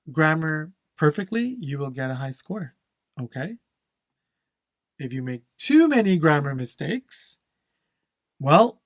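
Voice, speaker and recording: A man teaching a speaking-test lesson, explaining scores slowly and emphatically and checking in with "okay?" after each point. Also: a little high, a bit bright, no echo. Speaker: language test instructor.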